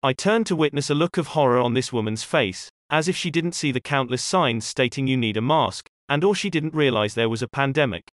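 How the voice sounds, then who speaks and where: A man reading posts from an online forum aloud in a steady, even storytelling manner. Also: mid-range voice, brisk, few pauses, no echo, studio quality. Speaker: story reader.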